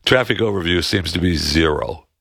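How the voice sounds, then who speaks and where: A man's voice: sits low, moderate pace, creaky, fairly bright tone, slightly rough, no echo, clean studio sound. A man co-hosting a casual political chat, rambling and sarcastic, often trailing off mid-thought.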